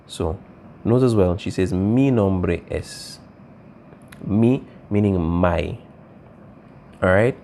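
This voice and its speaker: A Spanish teacher speaks slowly in a low, gravelly, dark voice, leaving long pauses, with slight background noise. Patient throughout, he explains his language lesson, repeats key points, and often asks "all right?"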